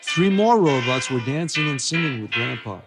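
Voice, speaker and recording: An older man reading his own children's book aloud, with expressive storytelling. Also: mid-range voice, normal speed. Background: music.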